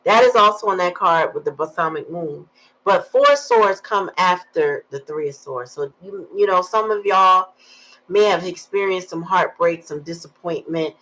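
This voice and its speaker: A woman's voice: on the low side, normal speed, fairly bright tone, rough recording. A woman giving a casual tarot reading, chatty and slangy, telling stories with sighs in between. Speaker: tarot reader.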